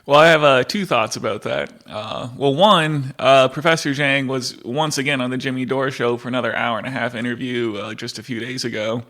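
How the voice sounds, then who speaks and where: A man's voice: medium pitch, fairly quick, few pauses, pushed and bright. A man co-hosting a casual podcast, speaking hesitantly with many fillers. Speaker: podcast co-host.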